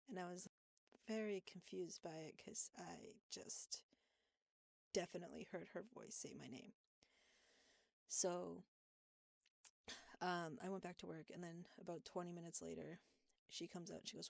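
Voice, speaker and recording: Low gravelly woman telling a story. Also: steady tone, normal speed, pauses often, a little mellow, no echo, clean studio sound. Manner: rambling with frequent laughs and fillers. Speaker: podcast co-host. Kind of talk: casual storytelling chat.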